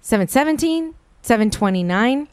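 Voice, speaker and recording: A woman's voice: a little high, lively intonation, normal speed, clear, resonant tone, no echo. A woman hosting a podcast in casual chat, emotional and talkative, filling her speech with "like.". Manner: emotional, chatty, says "like" often. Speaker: podcast host.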